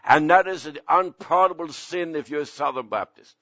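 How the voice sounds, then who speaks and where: An older man, a pastor, preaching an impassioned sermon whose pitch climbs suddenly at its peaks. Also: fairly quick, fairly bright tone, no room sound, muffled recording.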